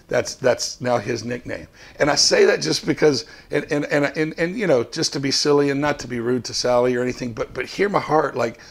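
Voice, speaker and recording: A man's voice: medium pitch, creaky, husky. A male pastor preaching a sermon to his congregation in a conversational, storytelling way.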